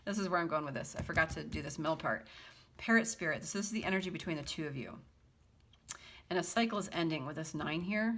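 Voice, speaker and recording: Woman tarot reader, casual chat, giggly, lower register. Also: fairly bright tone. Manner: giggly, chatty, breaks into laughter often; reads song lyrics aloud in a half-sung lilt. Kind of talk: casual tarot reading to viewers.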